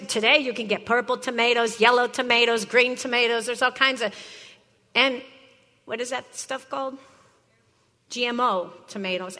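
Loud brassy teacher lady, a woman doing the bit, high bright voice, echoey hall. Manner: brassy, teasing, talks straight at a class. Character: brash, pushy female botany teacher. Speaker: comic actor playing a teacher. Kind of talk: improvised comedy sketch.

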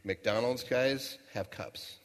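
A man's voice: medium pitch, slow pace, background noise. A middle-aged man giving a motivational talk in a large hall, telling a folksy story and asking the audience rhetorical questions. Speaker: motivational speaker. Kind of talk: storytelling keynote speech. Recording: long reverb of a large hall.

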